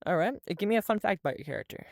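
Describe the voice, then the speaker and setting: An interviewer briskly running through a checklist of audition questions. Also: medium pitch, lively intonation, creaky, a little mellow, dry recording, studio quality.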